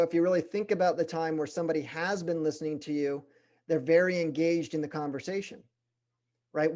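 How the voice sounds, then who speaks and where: A middle-aged man leading a sales training session, talking in an animated way, speeding up, slowing down and pausing for emphasis. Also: high voice.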